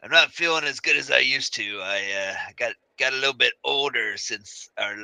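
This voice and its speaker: A man voicing an aging, tired male bard who talks in a halting, rambling way. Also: mid-range voice, gravelly, sharp tone, no echo, rough recording. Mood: weary.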